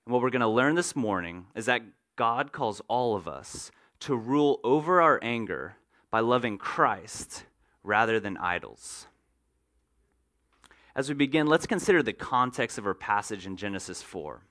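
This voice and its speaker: Bright-voiced male pastor preaching. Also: mid-range voice, expressive, moderate pace. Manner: earnest preaching, acts out everyday scenes. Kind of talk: sermon.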